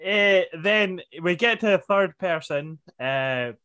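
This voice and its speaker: A man co-hosting a podcast, recapping matches in a casual, unhurried way with lots of fillers. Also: sits high, expressive, a bit bright, clear, resonant tone. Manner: unhurried, hesitant with many fillers. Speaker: podcast co-host. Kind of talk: casual chat recapping wrestling.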